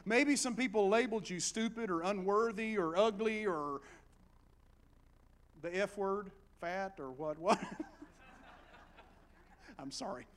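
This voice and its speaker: A middle-aged man preaches with an Appalachian accent, in a voice set a little high for a man. He moves from quiet, close storytelling to loud, rousing exhortation. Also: slow pace, long pauses, slight background noise. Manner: animated, with big swings between hushed storytelling and loud exhortation. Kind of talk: sermon.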